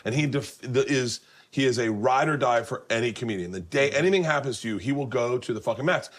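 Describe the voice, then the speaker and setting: A man's voice: medium pitch, fast. A middle-aged man hosting a podcast, telling rowdy anecdotes over dinner with lots of restarts and swearing. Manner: profane, animated anecdote telling with many restarts. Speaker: podcast host.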